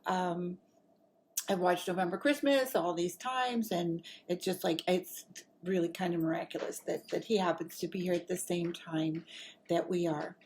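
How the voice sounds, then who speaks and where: A woman's voice: on the low side, normal speed, slight background noise. A woman vlogger telling a rambling, chatty story to camera. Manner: rambling and chatty, lively when excited.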